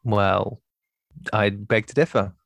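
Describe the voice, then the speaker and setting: A man's voice: fairly low pitch, steady tone, takes it slowly, vocal fry, no room sound, studio quality. A man from Cornwall, England, co-hosting a podcast in a wry, playful casual chat. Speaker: podcast co-host.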